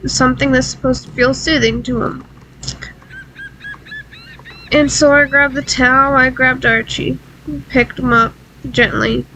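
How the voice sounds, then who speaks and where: A woman with a high, bright voice tells a painful personal story, crying and pausing as she talks. Her speech is slow and halting, and she breaks off often. A faint hiss sits under the recording. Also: flat delivery, rough recording. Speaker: vlogger.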